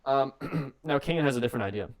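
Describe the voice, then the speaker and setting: A man's voice: medium pitch, expressive. Rambling, jokey young man telling a story. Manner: rambling, jokey, acts out bits in quick put-on voices. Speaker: podcast co-host. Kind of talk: comedic storytelling on a radio show.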